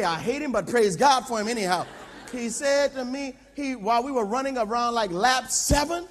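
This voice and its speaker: A middle-aged male pastor preaching a sermon, telling a personal story in an animated, self-mocking way at a church camp tent. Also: extremely high pitch. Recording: long reverb in a large tent, mini disc recording.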